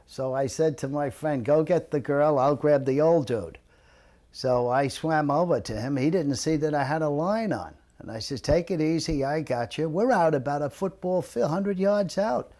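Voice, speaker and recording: An older man, a retired lifeguard telling stories from his past and acting out the people in them. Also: medium pitch. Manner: animated storyteller, acts out quoted voices. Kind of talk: storytelling reminiscence.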